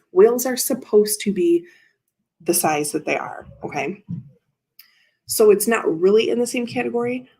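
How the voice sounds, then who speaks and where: Her mellow voice sits in the mid range as she hosts an informal tarot livestream. The reader talks to her chat in a meandering way, frequently interrupting herself.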